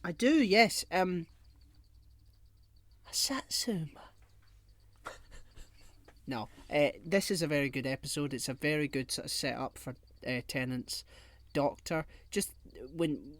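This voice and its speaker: Bloke cohosting a podcast, bit high voice, jokey and rambly, dead dry mic. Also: male voice, unhurried, pauses often, fairly bright tone, no echo. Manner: jokey, rambling, laughs at own jokes. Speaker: podcast co-host. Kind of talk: casual chat.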